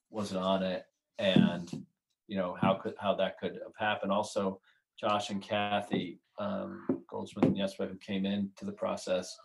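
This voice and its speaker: A man's voice: low-pitched, slight background noise, rough recording. A man who is the guest writer and creator, chatting casually in a podcast interview, often restarting his sentences and laughing.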